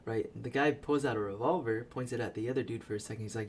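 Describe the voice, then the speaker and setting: A man giving a casual, profane recap of a movie as a voice-over, animated and laughing as he tells it. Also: mid-range voice, a little fast, slight background noise. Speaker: video creator.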